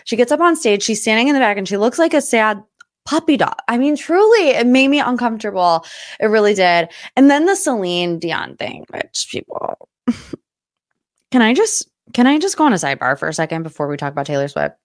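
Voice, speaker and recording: A woman's voice: fairly high pitch, very animated, fairly quick, dry recording, studio quality. A young adult woman hosting a casual pop culture podcast, chatty and gossipy. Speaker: podcast host.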